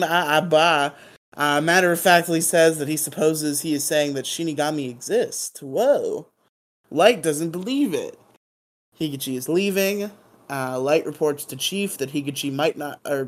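A man hosting a podcast, recapping a TV episode in a casual, joking, irreverent way. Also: a little high. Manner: joking, irreverent, hums silly sound effects. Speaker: podcast host.

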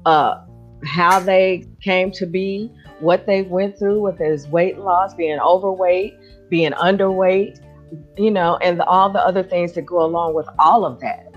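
Low-voiced woman podcast host. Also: steady tone, measured pace. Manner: encouraging, searching for words. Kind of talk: casual chat. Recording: dull lo-fi sound with faint music.

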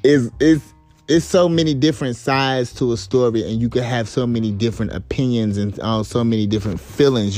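A man with a deep, low voice hosts a solo podcast in a casual, meandering chat. He swears freely, stumbles over words and laughs often as he goes. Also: a little mellow, no echo. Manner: rambling, profane, laughs often. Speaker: podcast host.

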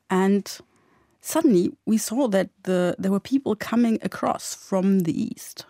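A woman's voice: mid-range voice, normal speed, dark tone, dry recording. A middle-aged woman tells her story as an interview guest. She speaks with emotion and energy, often restarting her sentences. The recording is close and dry, with no room sound. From Germany. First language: German. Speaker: eyewitness guest. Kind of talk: recollection interview.

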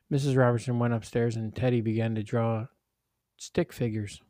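A man narrating a children's story aloud in a plain, steady voice. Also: medium pitch, moderate pace, dry recording, clean studio sound.

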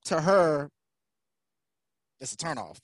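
A man's voice: on the high side, very animated, takes it slowly, no room sound. A man who is a guest on a podcast, chatting casually and explaining his views at length.

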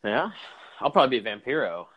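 A man co-hosting a podcast in casual chat, relaxed, laughing often and calling people "dude". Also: medium pitch, brisk, husky, muffled recording. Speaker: podcast co-host.

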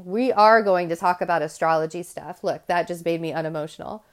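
Low-voiced woman hosting a chatty podcast. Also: vocal fry. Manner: candid and rambling, with restarts and asides. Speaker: podcast host. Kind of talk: casual podcast monologue.

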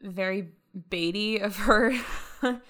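A woman casually telling a story on a podcast, chatty and animated, acting out what others said. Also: medium pitch, slow. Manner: chatty, animated retelling with quoted dialogue. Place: lives in Las Vegas.

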